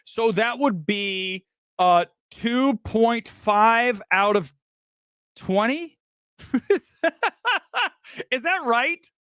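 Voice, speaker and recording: A man hosts a live movie review stream, swearing freely and breaking into helpless laughter. His voice is high and swings wildly up and down. The sound is dry and close. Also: very slow, pauses often, clear, resonant tone, no room sound. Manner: laughing hard, profane and animated. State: crying with laughter.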